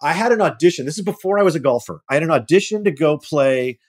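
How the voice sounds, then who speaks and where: A man, a guest actor, telling an animated, self-mocking anecdote in casual conversation and acting out the other people in it. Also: fairly high pitch, quick pace. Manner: animated storyteller acting out quoted voices.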